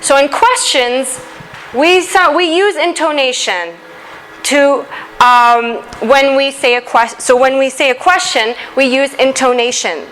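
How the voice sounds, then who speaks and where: Woman, English teacher, grammar lesson, unhurried, step by step, high voice. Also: fairly bright tone, slight background noise, poor audio. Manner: slow and deliberate, explains step by step with fillers.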